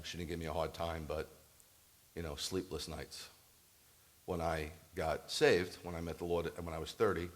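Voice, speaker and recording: An older man preaching a sermon as a rabbi, telling personal stories in an animated way that swings from loud laughing bursts to quiet reflection. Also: deep voice.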